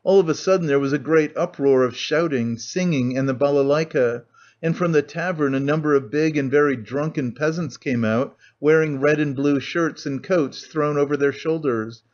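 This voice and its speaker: A man reading a classic novel aloud as an audiobook narrator, in a measured storytelling manner. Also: a little high, a little mellow. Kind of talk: scripted narration. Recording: muffled lo-fi audio.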